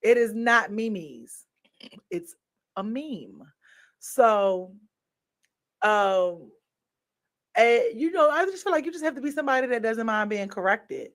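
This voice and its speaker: A woman hosts a casual live stream chat with her viewers. She talks playfully and laughs often. Her voice swings between loud and soft. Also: fairly high pitch, animated, a little slow, pauses often.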